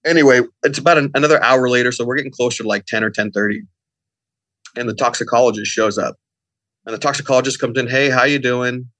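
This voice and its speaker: Fast-talking man telling a story. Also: medium pitch, a bit bright, no room sound. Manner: rambling, lots of fillers and quoted dialogue. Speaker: podcast guest. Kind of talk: casual storytelling.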